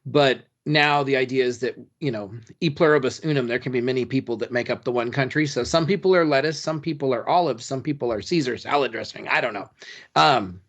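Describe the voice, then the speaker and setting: A man's voice: medium pitch, brisk. A man co-hosting a casual podcast, explaining things in a thoughtful, rambling way. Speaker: podcast co-host. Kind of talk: casual chat.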